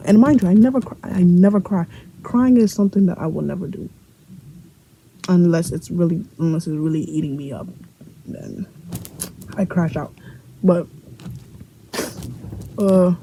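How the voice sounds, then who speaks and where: A woman's voice: on the low side, fairly even intonation, moderate pace, creaky, mellow, a little hiss or hum, poor audio. A young woman from Brooklyn with a New York accent tells a storytime vlog in a blunt, profane, joking way, acting out what the other people said. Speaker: vlogger telling a story. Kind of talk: casual storytime monologue.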